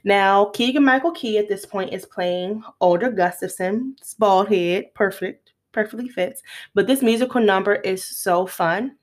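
Animated woman podcaster retelling a film. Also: medium pitch, measured pace. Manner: animated retelling with acted-out quotes; laughs often while talking. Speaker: podcast host. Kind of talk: casual film review podcast.

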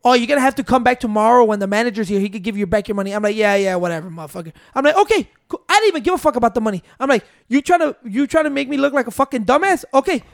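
A man's voice: very high-pitched, lively intonation, very fast, vocal fry, hardly any pauses, dry recording, clean studio sound. A man telling a long, profane story in casual chat with friends, switching into Spanish and interrupting himself with "wait". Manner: rambling, profane, mixing in Spanish, keeps saying "wait".

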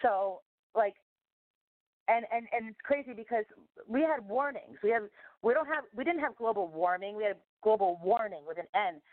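With an expressive, medium-pitched voice at normal speed, a woman guesting on a talk show meanders through casual, emphatic chatter full of fillers. The phone-line sound is tinny and dry, with no echo.

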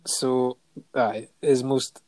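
A man's voice: medium pitch, little pitch movement, drawn-out words, a little mellow, dry recording. A man in casual podcast chat, reading out a long list of honours with frequent ums and light chuckles. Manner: listing facts steadily with many ums and chuckles.

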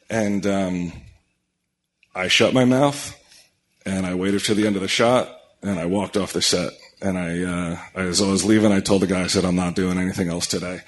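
A man with a lowish voice, a guest in a casual chat, telling a story bluntly and with heavy profanity. He talks haltingly, with frequent uhs and restarts. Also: fairly even intonation. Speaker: podcast guest.

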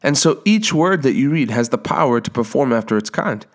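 A man preaching a sermon, reading scripture aloud and praying earnestly, slowing down to stress words. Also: medium pitch, big pitch swings.

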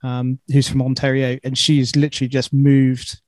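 A man's voice: mid-range voice, monotone, normal speed, darkish tone, dry recording. A man hosting a casual interview, chatty and enthusiastic, often repeating words as he starts a thought. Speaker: podcast host.

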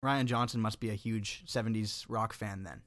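A man's voice: lowish voice, fairly even intonation, moderate pace, a bit bright, dry recording, studio quality. A man co-hosting a movie podcast, chatting in an easygoing way. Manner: easygoing, laughs along. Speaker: podcast co-host. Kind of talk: casual chat.

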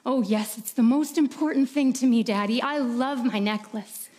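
A woman's voice: normal speed, a little mellow, lightly acted. A woman voicing a little girl who pleads breathlessly to keep her treasured necklace. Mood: pleading. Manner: pleading, breathless, rising high. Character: little girl, devoted and clinging.

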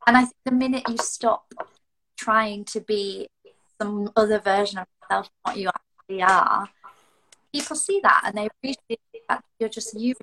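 A woman's voice: medium pitch, moderate pace, sharp tone, a little hiss or hum, poor audio. A woman from northern England with a northern English accent, chatting casually as a guest in an earnest, reflective way. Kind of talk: casual chat.

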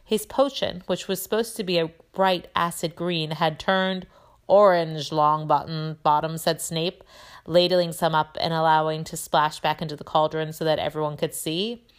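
A woman teacher reading a chapter book aloud in a steady, measured way. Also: sits low.

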